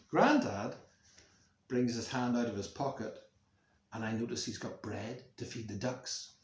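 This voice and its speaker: A male music teacher reading a story to schoolchildren, acting out the sounds with expression, recorded in a room at home. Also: medium pitch. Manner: slow, expressive, making sound effects for kids. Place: room at home near a main road, window open. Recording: roomy echo.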